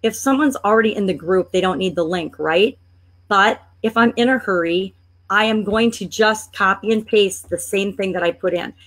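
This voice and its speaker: A woman of ordinary pitch talks through a screen-share tutorial in a chatty, thinking-aloud way. She sounds playfully exasperated with a sluggish computer as she clicks along. She comes across as a business coach showing a step-by-step process. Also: moderate pace, fairly bright tone.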